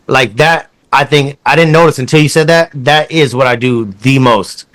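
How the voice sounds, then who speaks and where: A man's voice: mid-range voice, normal speed, fairly bright tone. A man hosting a casual podcast chat, rambling and swearing with many restarts. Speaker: podcast host.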